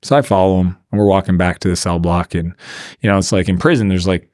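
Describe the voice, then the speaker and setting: A man's voice: sits low, fairly even intonation, fast, darkish tone, no room sound, studio quality. A man from Canada telling a personal story as a podcast guest, conversational and full of filler "like"s. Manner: conversational, many filler "like"s, trails off and restarts. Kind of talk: storytelling in a casual interview.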